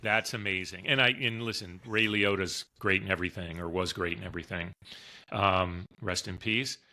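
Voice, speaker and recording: A man co-hosting a sports chat show who delivers blunt, opinionated verdicts. His voice is fairly low but bright and forceful in tone. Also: fairly even intonation, moderate pace. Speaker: podcast co-host.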